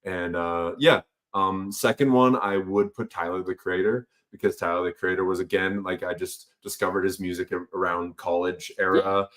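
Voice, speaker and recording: A young man in his twenties with a deep voice, talking easily in a casual chat with lots of "um" and "like". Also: steady tone, normal speed, hardly any pauses, a bit bright. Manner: easygoing, hesitant, many fillers and laughs. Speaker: podcast guest.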